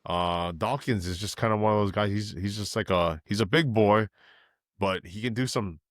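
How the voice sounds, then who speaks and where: Casual podcast co-host, man, lowish voice, dry close mic, rambling and laid-back. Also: normal speed, dry recording. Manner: easygoing, filler-heavy, hypes the wrestlers. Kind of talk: casual wrestling chat.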